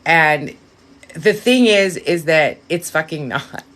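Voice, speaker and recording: A woman doing a casual live-stream reading, talking straight to viewers, blunt and swearing freely, with sudden lifts of excitement and quiet asides. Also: deep voice, slow pace. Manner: bursts of excitement, then drops to a quiet aside. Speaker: live-stream tarot reader.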